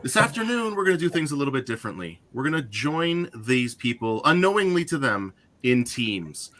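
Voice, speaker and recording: Bright-voiced man hosting a game show. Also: mid-range voice, big pitch swings, a little fast. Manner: joking, upbeat, frequent fillers.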